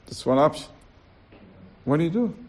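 A man teaching a Torah class, telling a parable in a halting, storytelling way and chuckling as he acts out the dialogue. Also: a little high, expressive, a little mellow. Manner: halting, fillers, slow and deliberate. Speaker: rabbi.

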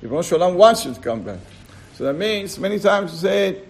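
A man teaching a Torah class, telling a parable in a halting, storytelling way and chuckling as he acts out the dialogue. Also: high voice, sing-song. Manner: halting, fillers, slow and deliberate. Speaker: rabbi.

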